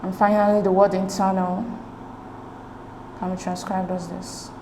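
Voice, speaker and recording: In an echoey room with faint noise, a woman with a mid-range, slightly mellow voice speaks in a level tone at an unhurried pace. She's a tutor working step by step through English exam questions, patient throughout and asking "okay?" to check in.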